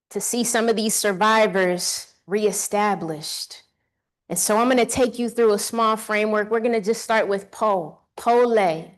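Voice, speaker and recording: A woman giving an energetic motivational keynote on a conference stage, leading the audience in call-and-response. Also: medium pitch. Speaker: keynote speaker.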